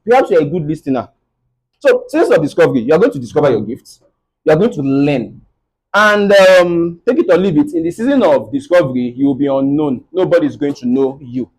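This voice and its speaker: Speaking in a fairly high, lively voice that runs a little fast, a young Nigerian man delivers a preacherly, faith-based motivational talk before a live audience, often tossing in "right?" His Nigerian English accent comes through a darkish, slightly rough tone, and the recording is low quality.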